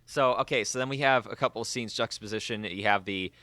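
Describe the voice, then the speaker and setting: A young man banters on a casual podcast with a lowish voice that still sounds bright and forceful. He is recorded close and dry, with no room sound. He jokes and mocks himself easily. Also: fast, no echo. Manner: joking, self-mocking banter. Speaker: podcast co-host. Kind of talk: casual chat.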